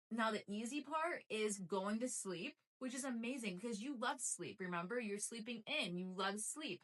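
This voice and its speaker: A woman's voice: medium pitch, sharp tone. A young adult woman vlogging, giving casual motivational talk in a chatty, emphatic way with lots of repetition. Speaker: lifestyle vlogger.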